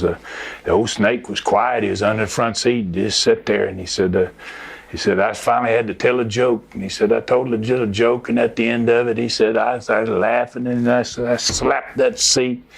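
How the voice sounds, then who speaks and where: Interview guest: man, husky, low, easygoing storyteller. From Mississippi, USA. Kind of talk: casual storytelling.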